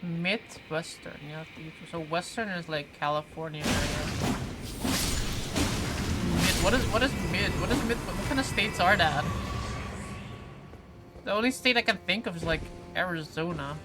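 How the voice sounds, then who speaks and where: On a close desk mic, a game streamer with a mid-range pitch chats during a live session while game music plays clearly underneath. The delivery is animated and at normal speed, with frequent pauses, and the recording is low quality. The streamer reads viewer comments aloud and answers them in loose, rambling sentences packed with "like," self-corrections, and restarts.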